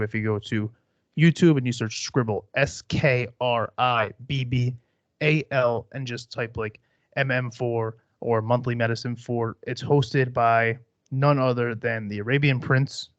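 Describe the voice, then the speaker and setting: Blunt, profane podcast host, dry dull sound. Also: male voice, mid-range voice, dry recording. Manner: blunt, profane, rambling with many fillers. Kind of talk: casual solo podcast rambling.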